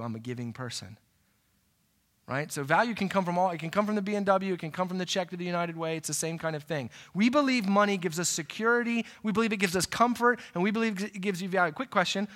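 High, bright-voiced male pastor preaching. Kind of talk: sermon.

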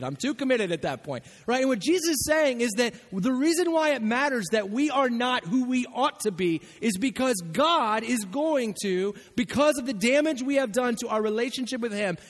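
High-voiced pastor preaching in a hall. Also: male voice. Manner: animated, acts out quoted voices. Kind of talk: sermon.

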